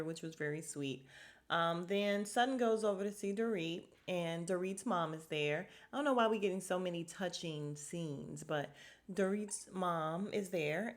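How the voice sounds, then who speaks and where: A woman hosting a podcast, recapping a reality show in casual, blunt, profane chat and laughing often. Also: medium pitch. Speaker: podcast host.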